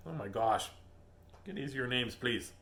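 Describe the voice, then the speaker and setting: A man's voice: medium pitch, animated, a little slow, a bit bright. A middle-aged man hosting a casual book reading, rambling and laughing as he gets sidetracked. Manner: laughing, chatty, easily sidetracked. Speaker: host reading children's books aloud.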